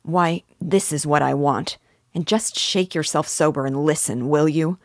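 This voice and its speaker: A woman's voice: sits low, steady tone, normal speed, no echo, studio quality. A woman reading the lines of a gloomy young man who speaks savagely to his brother. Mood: angry. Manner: savage, tense. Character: gloomy, bitter young man, quick to anger.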